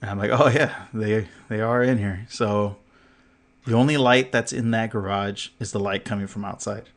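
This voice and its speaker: Guy on a podcast telling a wild story, kinda low voice, lots of "like" and cussing, laughs a bunch. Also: normal speed. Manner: animated storyteller, swears, laughs often; filler-heavy, acts out what others said. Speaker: podcast co-host. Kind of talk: casual storytelling chat.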